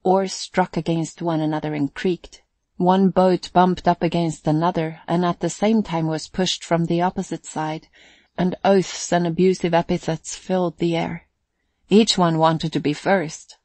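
Male audiobook narrator with a gravelly, dry sound and a brisk read. Mid-pitched. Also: level tone, dry recording. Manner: reads at a brisk pace, gives characters louder lines. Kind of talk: scripted narration.

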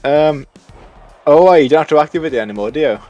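A man playing a wrestling game, excitable, yelling move names and swinging between mutters and shouts. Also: fairly high pitch, fast, dull audio, faint music behind. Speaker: gamer. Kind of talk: excitable let's-play commentary.

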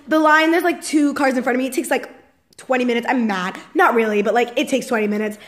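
A woman's voice: a little high, quick pace, rough recording. A young woman vlogger telling a story to camera in a chatty, exasperated way, filling her talk with "like". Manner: chatty and exasperated, heavy use of "like".

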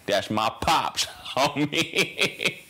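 A man's voice: on the high side, expressive, drawn-out words, sharp tone, a little hiss or hum, full character voice. A man voicing a laid-back young male street gangster from a video game, full of slang. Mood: relaxed. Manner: slangy, calls everyone homie.

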